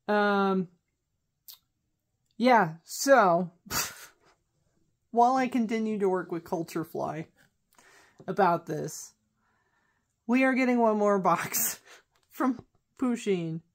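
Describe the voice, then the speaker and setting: A woman's voice: medium pitch, animated, slow, pauses often. A woman vlogger in casual chat, rambling and correcting herself as she goes. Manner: rambling, self-correcting, chatty.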